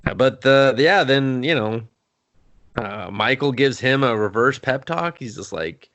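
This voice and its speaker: A man's voice: mid-range voice, expressive, a little slow, fairly bright tone. A man co-hosting a podcast, reviewing a movie in casual chat, swearing freely, laughing and quoting characters in mock voices. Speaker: podcast co-host.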